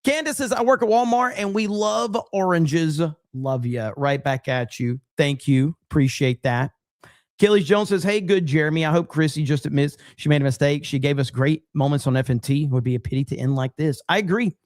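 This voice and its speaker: Upbeat higher-voiced male streamer. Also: no echo, clean studio sound. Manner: upbeat, thanks viewers by name, quick asides. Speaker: livestream host reading super chats. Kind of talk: casual livestream chat.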